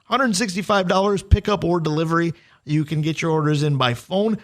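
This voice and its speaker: A male radio sports host with a fairly high voice. He keeps the chat casual and upbeat and reads sponsor details smoothly. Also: brisk.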